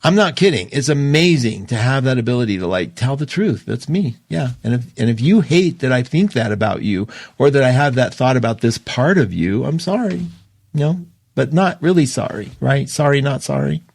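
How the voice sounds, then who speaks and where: A man hosting an astrology show, talking casually and emotionally, opinionated and quick to laugh. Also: mid-range voice, expressive, vocal fry, darkish tone, slightly rough, dry recording. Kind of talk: casual livestream talk.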